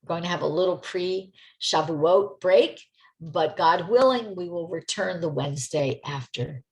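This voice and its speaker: A woman's voice: lowish voice, measured pace, darkish tone, rough recording. A woman teaching an online class on a video call. She talks in a discursive, enthusiastic way. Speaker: Torah teacher.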